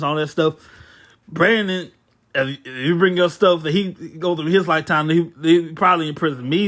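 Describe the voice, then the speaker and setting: A man's voice: fairly high pitch, fairly bright tone. Stammering man preaching on a podcast. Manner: stammers and restarts, repeating words; preachy, turns talk to scripture. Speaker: podcast co-host. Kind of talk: casual podcast chat.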